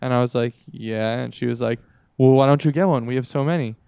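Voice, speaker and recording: Young man with a gravelly, smooth voice. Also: medium pitch, fast, mellow, no room sound, clean studio sound. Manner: rambling storyteller, acts out others' lines. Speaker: podcast co-host. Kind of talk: casual chat.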